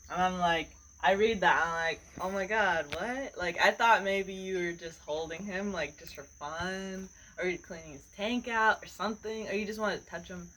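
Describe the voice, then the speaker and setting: A woman's voice: lowish voice, normal speed, hardly any pauses, a bit bright, slight background noise, rough recording. A woman telling a story in casual chat, rambling, with lots of "like" and "bro", laughing often. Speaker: podcast co-host.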